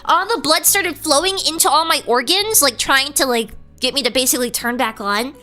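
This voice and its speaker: A woman streamer telling a story casually, animated and giggly, acting out the people she quotes. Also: sits high, brisk.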